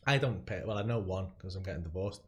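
A man's voice: low voice, quick pace. A man hosting a podcast, chatting casually, joking and laughing often. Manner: laughs often, jokey and animated. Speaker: podcast host. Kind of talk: casual chat.

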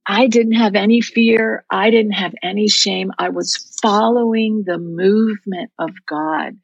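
A woman's voice: on the low side, vocal fry, slightly rough, no room sound, rough recording. A woman guest telling a personal faith story in an earnest, heartfelt, reflective way. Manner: heartfelt, reflective, speaks of prayer and scripture.

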